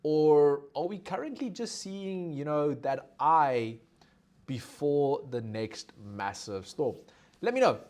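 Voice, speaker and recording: A man's voice: fairly high pitch, lively intonation, slow, darkish tone. A South African man hosting a live market analysis stream, talking casually with many fillers and asking viewers to comment. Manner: conversational, lots of fillers, asks viewers for comments.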